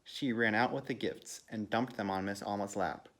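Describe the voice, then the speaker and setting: A man's voice: normal speed, a bit bright. A man volunteering to read a children's picture book aloud, lifting his voice for the characters' lines. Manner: lifts pitch and volume for character quotes. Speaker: volunteer reader.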